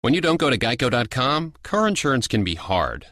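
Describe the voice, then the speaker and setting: A man voicing a calm insurance ad announcer with an even, reassuring delivery. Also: medium pitch, a little fast, no echo, clean studio sound.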